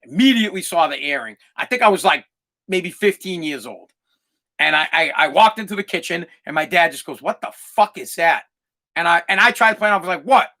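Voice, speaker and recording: A man's voice: a little high, lively intonation, a little fast, pushed and bright. Blunt, profane man ranting on a podcast. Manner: blunt, profane, heated storytelling. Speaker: podcast host. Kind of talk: ranting monologue.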